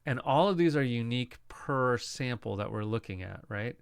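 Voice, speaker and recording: A man explaining music production software in a casual, conversational lesson, asking rhetorical questions as he goes. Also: mid-range voice, expressive, normal speed, creaky, clean tone, no echo. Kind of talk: screen-recorded software lesson.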